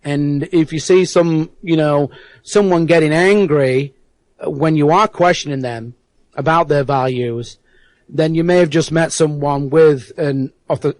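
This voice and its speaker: English-born man, Yorkshire twang worn by American years, earnest guest who pauses often, dry close recording. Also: fairly high pitch, a little mellow, no echo, poor audio. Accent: Yorkshire mixed with American. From England. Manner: earnest, halting, many fillers. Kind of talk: casual interview.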